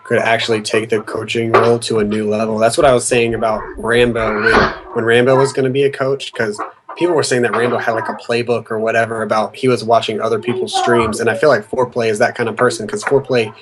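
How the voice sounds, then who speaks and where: A man's voice: mid-range voice, flat delivery, fast. A man guest in a casual gaming chat, earnest and restarting his phrases, heard over a voice call. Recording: noisy voice call.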